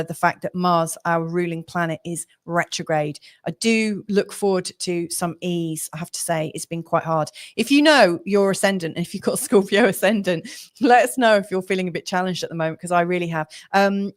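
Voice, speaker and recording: A woman hosting a live-streamed astrology reading, chatty and rambling with lots of fillers, sympathetic and encouraging toward her viewers. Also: on the low side.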